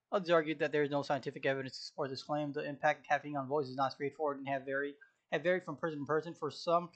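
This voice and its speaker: Slightly hoarse young man studying aloud. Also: on the high side, dull audio. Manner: mutters and repeats phrases while taking notes. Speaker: student. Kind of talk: casual study vlog, reading aloud and memorizing.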